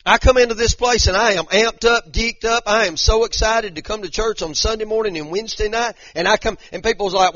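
Bright-voiced man preaching a fervent sermon. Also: high voice, fairly quick, hardly any pauses, no echo, highs cut off. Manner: fervent, repetitive preaching with Southern-style slang. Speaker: pastor.

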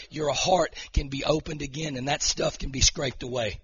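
Male pastor, mid-pitched husky voice, passionate preaching and prayer, dull recording. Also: normal speed, a bit bright. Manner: emotional, fervent preaching that swells into declarations. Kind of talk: sermon.

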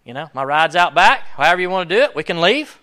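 A laid-back divine figure talks in a breezy, offhand way, as a preacher puts him on. The voice sits much higher than the speaker's own and sounds bright and lively. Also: male voice, fast, full character voice.

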